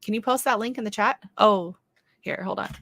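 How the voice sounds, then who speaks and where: This channel host, a middle-aged Canadian woman, reads comments and chats casually on her livestream, often restarting and using fillers. She speaks at a moderate pace in a mid-range, fairly bright voice, and the recording is dry.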